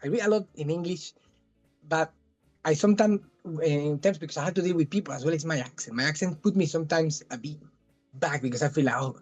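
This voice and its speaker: A man's voice: a little high, fast talker, soft background music. A man in his thirties from southern Spain with a thick Spanish accent, chatting as a guest in a casual interview, often restarting and repeating words.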